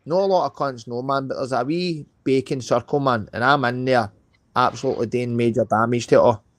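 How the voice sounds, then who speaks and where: A man's voice: medium pitch, fairly quick, dry recording. A man with a Scottish accent, talking heatedly and swearing a lot on a live call, tagging lines with "mate" and "know what I mean". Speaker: live stream guest. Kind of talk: casual chat on a live call.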